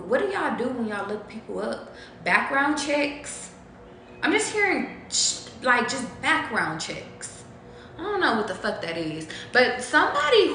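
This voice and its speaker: Bright-voiced woman rambling through a tarot reading. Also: a little high, roomy sound, slight background noise. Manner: rambling, profane, thinks aloud with many ums. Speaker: tarot reader. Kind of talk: casual live tarot reading.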